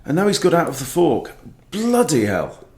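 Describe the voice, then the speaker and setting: A man's voice: on the high side, wildly swooping pitch, moderate pace, darkish tone. A middle-aged man, a chess coach, giving self-mocking, exasperated live commentary on his own online games, sighing as he goes. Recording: echoey room.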